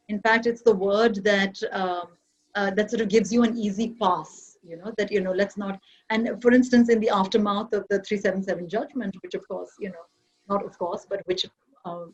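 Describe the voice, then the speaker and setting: A woman's voice: mid-range voice, husky, highs cut off. A woman from Kerala, India, speaking on an online panel in a reflective, argumentative academic manner.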